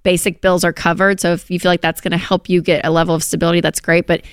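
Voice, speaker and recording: A woman with a Southern US accent co-hosting an advice talk show, reassuring and quick to laugh. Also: fairly low pitch, level tone, smooth, no room sound, clean studio sound. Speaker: radio show co-host.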